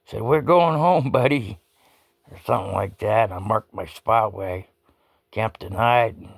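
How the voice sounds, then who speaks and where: A man's voice: fairly low pitch, steady tone, normal speed, creaky, slightly rough, dry recording, studio quality. A man rambling through a personal anecdote in a salty, folksy way, swearing casually and often restarting his sentences. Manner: salty, profane, folksy talk with many restarts. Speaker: storyteller.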